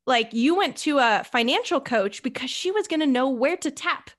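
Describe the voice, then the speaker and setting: Animated woman telling a story. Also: high-pitched, moderate pace. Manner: animated storyteller, acts out quoted characters. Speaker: podcast host. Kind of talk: conversational storytelling.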